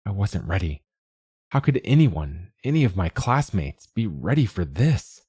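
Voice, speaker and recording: A man reading first-person narration for an audiobook in a measured, expressive way. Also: deep voice, breathy edge, no room sound, clean studio sound.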